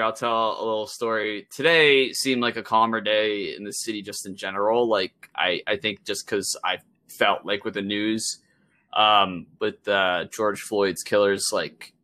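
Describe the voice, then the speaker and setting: Bright-voiced young man telling a story. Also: fairly low pitch. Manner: animated storytelling, swearing, acts out quotes. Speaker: podcast co-host. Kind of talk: casual podcast chat.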